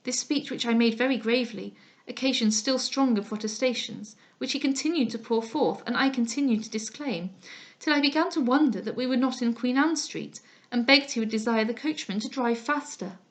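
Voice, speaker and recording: A woman narrating a classic novel aloud in a measured, expressive way. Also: fairly high pitch. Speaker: audiobook narrator.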